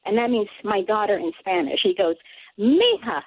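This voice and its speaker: A woman calling in to a radio show and telling a story with excited, breathless energy. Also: mid-range voice, a little fast, slightly rough. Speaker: caller. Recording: tinny phone line.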